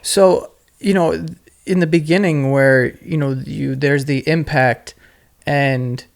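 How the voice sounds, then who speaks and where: A man hosting a podcast, asking careful, gentle questions. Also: fairly high pitch, steady tone, slow, gravelly. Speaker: podcast host. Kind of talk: interview questions.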